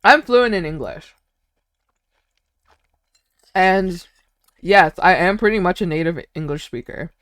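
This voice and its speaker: This young streamer speaks with an American accent, though Vietnamese is her first language, and she answers viewer chat in a giggly, filler-heavy way. Her slightly bright voice sits on the low side, animated but slow, with frequent pauses. The studio sound is clean, with no echo.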